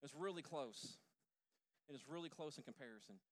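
A man's voice: a little high, lively intonation, fairly quick. A man preaching a casual sermon in church, joking and talking straight to his congregation. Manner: jokey, talks directly to the congregation. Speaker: pastor.

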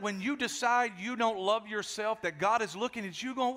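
A high, bright male voice rings out through a large church, with a long hall echo behind it. He is a pastor preaching a lively sermon, joking with his congregation and often repeating words as he gets going. His delivery is animated and playful. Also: a little slow, hardly any pauses. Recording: echoey hall.

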